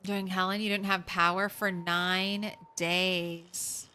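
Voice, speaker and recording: A woman's voice: lowish voice, level tone, slow pace, bright, forceful tone, clear, resonant tone. A woman streamer giving casual, chatty commentary while playing a game, talking to herself and to the game late at night.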